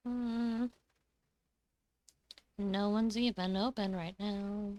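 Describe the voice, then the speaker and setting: A woman's voice: lowish voice, fairly even intonation, measured pace, pushed and bright, clear, resonant tone, no echo. A young woman streaming a farming game, chatting casually and talking to the characters on screen. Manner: chatty, talks to game characters, laughs and coughs often. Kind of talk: casual gameplay commentary.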